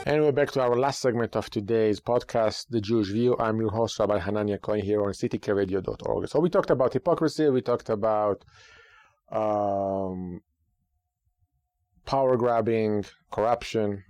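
A man who is a rabbi and a radio podcast host, giving lively talk-show commentary with rhetorical questions and repeated phrases for emphasis. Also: fairly low pitch, moderate pace, dry recording.

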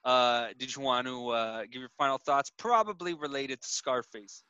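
A man's voice: mid-range voice, expressive, moderate pace, pushed and bright, clear, resonant tone, no room sound, muffled recording. A man hosting a podcast, easygoing and loose, with many fillers. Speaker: podcast host. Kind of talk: casual chat.

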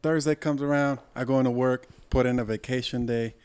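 A man's voice: medium pitch, steady tone, fairly quick, a little mellow, clean tone. A young adult man from Puerto Rico, heatedly telling a long, profane story as a podcast co-host. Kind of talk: casual storytelling chat.

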